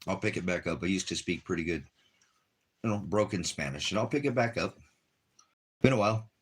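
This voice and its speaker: A man's voice: low voice, brisk, slightly rough. A man, talking casually and rambling to his viewers on a livestream. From Los Angeles, United States. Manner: rambling, chatty, talks straight to viewers. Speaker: ministry livestreamer.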